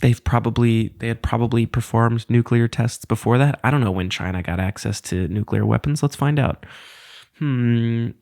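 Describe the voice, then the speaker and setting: A man's voice: mid-range voice, steady tone, moderate pace, vocal fry, a little mellow. A man around thirty hosting a casual solo podcast, rambling and self-deprecating in a loose, conversational way. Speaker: podcast host.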